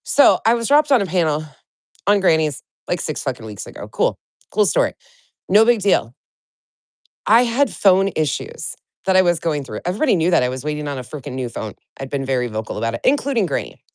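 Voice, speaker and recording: Woman host, congested, blunt and profane live-stream talker, lowish voice, dry close sound. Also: sing-song, fast, no room sound. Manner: blunt, venting, swears freely; greets chat viewers by name. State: stuffy nose from a cold. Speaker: livestream host. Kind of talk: casual live-stream chat.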